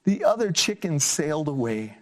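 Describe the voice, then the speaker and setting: Lively man reading a storybook aloud. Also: moderate pace. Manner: expressive storybook reading with big pitch jumps on sound words. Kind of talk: children's read-aloud lesson.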